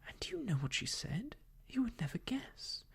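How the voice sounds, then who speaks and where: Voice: medium pitch, sing-song, moderate pace, gravelly, breathy edge, voice pushed up, full character voice. A whispering storyteller voicing an indignant, gossiping lady, in a whispered role-play. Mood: scornful. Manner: scornful, gossipy.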